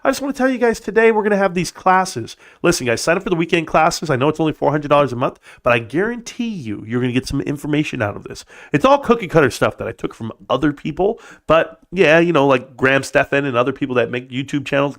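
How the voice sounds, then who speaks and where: A man's voice: a little high, a bit bright. A man parodying a smug finance YouTuber. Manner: upbeat, salesy, mock-cheerful. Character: smug male finance YouTuber hawking classes.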